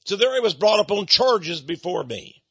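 Bright husky preacher, emphatic sermon. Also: male voice, high voice, very animated, no room sound. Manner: emphatic, drawn-out stresses, acts out quotes. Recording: dull lo-fi sound.

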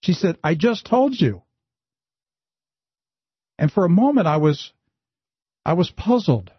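A man with a husky, somewhat high voice hosts a Christian talk show, telling a story with lively swings upward for emphasis. The sound is dry and a little muffled. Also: slow, dry recording. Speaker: host.

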